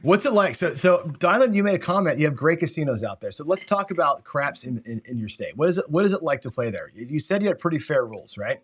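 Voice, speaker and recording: A man hosting a casual online interview, chatty and quick to laugh, often repeating his words. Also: on the high side, sing-song, husky. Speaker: show host. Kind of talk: casual video call interview.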